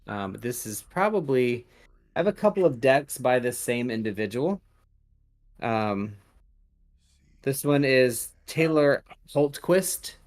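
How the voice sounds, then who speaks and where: A man hosting a podcast, casually showing tarot decks in a rambling, hesitant way with many pauses and fillers. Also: medium pitch, animated. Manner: rambling, hesitant, lots of ums. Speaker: podcast host reading tarot. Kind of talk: casual chat.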